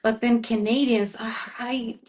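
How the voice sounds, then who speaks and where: Woman interviewer, eager, fairly high. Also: steady tone, measured pace, a little mellow. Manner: eager, frequent backchannel mm-hmms. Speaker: English teacher, interviewer. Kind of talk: casual conversation.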